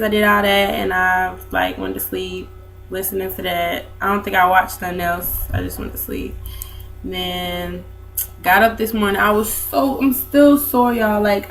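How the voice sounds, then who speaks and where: A woman's voice: mid-range voice, creaky. Young woman, casual vlog chatter, rambling, faint music behind. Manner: chatty, rambling, lots of fillers. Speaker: vlogger. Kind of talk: casual chat to camera.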